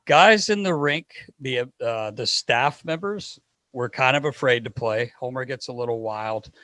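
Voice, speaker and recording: A man, a hockey equipment manager, telling a lively story as a podcast guest. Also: mid-range voice, unhurried, dry recording. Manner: lively anecdotal storyteller acting out dialogue. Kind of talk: casual storytelling in a podcast interview.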